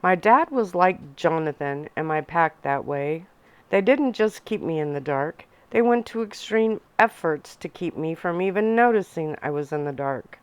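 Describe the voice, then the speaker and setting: A woman narrating a novel in a soft-spoken ASMR reading style. Her voice is fairly low and smooth. The sound is close and dry, with no room echo. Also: lively intonation, normal speed. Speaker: audiobook reader.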